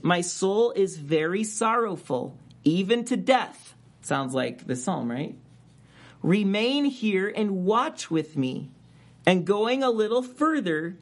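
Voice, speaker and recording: A man's voice: high-pitched, animated, takes it slowly. A man preaching a sermon as a pastor, reading scripture aloud and rising in emphasis on key words.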